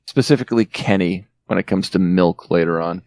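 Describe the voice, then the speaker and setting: A man's voice: sits low, brisk, a little mellow, dry recording, clean studio sound. A man hosting a podcast, casually recapping a film's plot with joking asides. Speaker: podcast host recapping a film. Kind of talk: casual chat.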